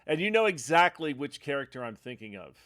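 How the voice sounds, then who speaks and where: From his home streaming setup, a man plays a retro game live and chats casually over the gameplay, rambling and laughing often. His voice is fairly high and bright, with big pitch swings and a fairly quick pace, plus slight background noise.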